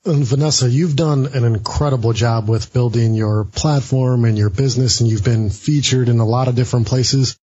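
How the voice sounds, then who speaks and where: A man's voice: medium pitch, moderate pace, hardly any pauses, warm tone, husky, highs cut off. A man hosting a podcast and asking his guest questions in a friendly, reassuring way. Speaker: podcast host. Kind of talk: podcast interview.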